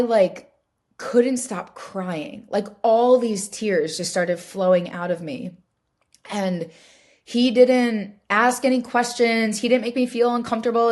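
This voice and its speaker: A woman hosting her own podcast, talking through a personal memory in a candid, reflective way. Her voice sits at a middle pitch, and she often stops to restart a thought, with plenty of casual fillers along the way. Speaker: podcast host. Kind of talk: solo podcast storytelling.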